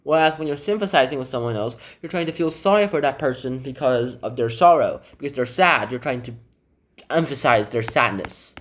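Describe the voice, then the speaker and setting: A young man whose first language is Korean explains English vocabulary in a relaxed way, thinking aloud with hedges and asides. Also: medium pitch, a little fast. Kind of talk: casual explanation reading example passages aloud.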